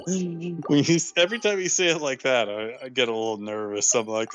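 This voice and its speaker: A man's voice: mid-range voice, moderate pace, faint music behind. A man chatting casually on a late-night stream, laid-back, rambling and often restarting his sentences. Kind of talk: casual chat.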